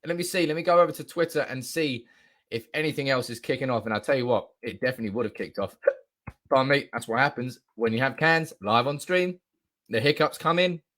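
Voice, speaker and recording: This young man's voice is mid-range and he talks briskly. He's live streaming indoors at a desk mic as a football fan, excitedly chatting, reading comments aloud, and cursing with sudden shouts.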